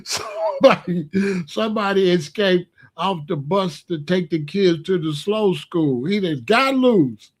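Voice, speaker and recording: A man with a notably high-pitched voice rants straight to his audience in loose, casual commentary. He is animated and mocking, breaks into laughter, and keeps returning to the same catchphrase. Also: measured pace. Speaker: online commentator.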